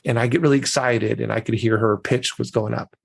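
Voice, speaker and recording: A man's voice: fairly quick, vocal fry. A man who is a communication coach, answering interview questions on a podcast and telling stories with acted-out dialogue. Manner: storytelling, acts out quoted dialogue with lively jumps in pitch.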